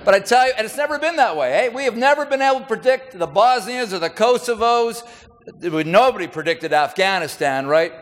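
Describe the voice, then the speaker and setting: A man's voice: high voice, lively intonation, brisk. A middle-aged man, a senior military leader giving a folksy, conversational speech to an audience. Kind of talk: public speech with anecdotes. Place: large hall with audience. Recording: reverberant hall.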